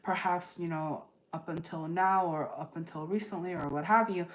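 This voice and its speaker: A woman's voice: on the low side, moderate pace, hardly any pauses. Rambling woman giving a tarot forecast. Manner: rambling, fillers like "like" and "okay?"; acts out quoted people in lively voices. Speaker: tarot reader. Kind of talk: live astrology energy forecast.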